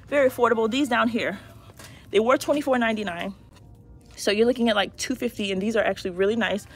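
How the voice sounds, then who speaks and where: Woman live-vlogging in a store, higher voice, chatty, excitable, phone mic. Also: husky. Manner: chatty, excitable, talks to viewers. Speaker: shopping vlogger. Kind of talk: live-stream store walkthrough. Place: large retail store indoors.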